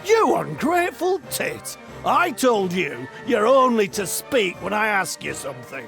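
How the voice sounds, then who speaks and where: Blustering, short-tempered heavyset man; raised pitch, deliberate pace. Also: lively intonation, vocal fry, fairly bright tone, faint music behind, full character voice. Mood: indignant. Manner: blustering, indignant.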